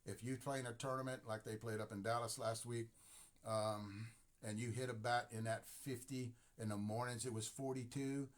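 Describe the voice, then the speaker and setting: A man's voice: medium pitch, fairly even intonation, moderate pace. Rambling emphatic man in his sixties. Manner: rambling, emphatic, repeats himself. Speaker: host. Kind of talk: casual live-stream talk.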